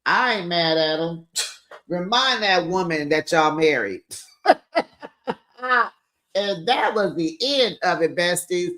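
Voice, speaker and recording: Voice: mid-range voice, animated, measured pace, fairly bright tone. A reality TV recap host giving sassy, casual commentary to viewers, calling them besties and honey and acting out the cast's lines. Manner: acts out the cast's lines in dramatic voices.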